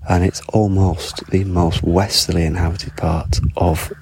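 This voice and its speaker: Casting: male podcaster, deep and flat, musing aloud on a beach walk with water sounds behind. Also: a little slow. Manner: rambling, chatty, self-mocking. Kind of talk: casual walking podcast monologue. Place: outdoors on a foggy island beach. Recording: outdoor water noise. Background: lapping water.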